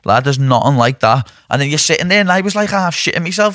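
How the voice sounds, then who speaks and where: A man and fighter telling stories in a casual podcast chat, animated and swearing often. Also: fairly high pitch, quick pace, few pauses, no echo, studio quality. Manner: animated storytelling, swears often, says "lad" constantly.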